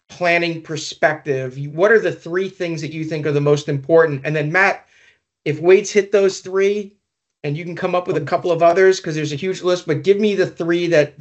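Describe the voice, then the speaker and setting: A man hosting a podcast, a former investigator, telling a story in a casual, rambling way with many fillers. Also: fairly high pitch.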